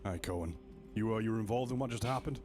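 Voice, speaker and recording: Low-voiced man playing a sheriff. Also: fast, music in the background. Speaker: sheriff in western role-play. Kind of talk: in-character role-play chat.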